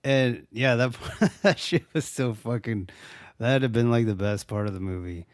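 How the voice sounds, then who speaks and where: Young male co-host, casual profane movie-recap chat, middle pitch, dry close mic. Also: moderate pace, no echo. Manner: laid-back, swears a lot, acts out quotes. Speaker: podcast co-host.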